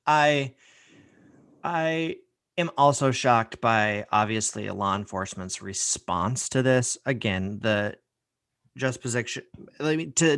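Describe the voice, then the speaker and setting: A man's voice: fairly low pitch, fairly bright tone, no room sound. Profane, ranting male podcast host. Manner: profane, sarcastic, heated. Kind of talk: casual opinion rant.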